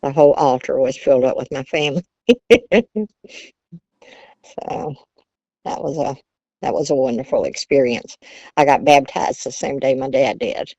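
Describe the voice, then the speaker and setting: Low-voiced old grandma from virginia, chatty, laughs a lot, dull dry recording. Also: female voice, a little slow, long pauses, dark tone, no room sound. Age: older. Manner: chatty, laughs often, Southern turns of phrase. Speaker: interview guest, grandmother. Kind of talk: casual storytelling.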